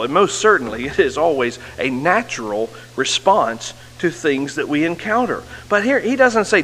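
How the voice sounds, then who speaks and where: A male pastor with a medium-pitched, fairly bright voice preaches a sermon earnestly, building to emphatic peaks. He's heard through an amplified mic in a church hall, with long reverb and a faint hum.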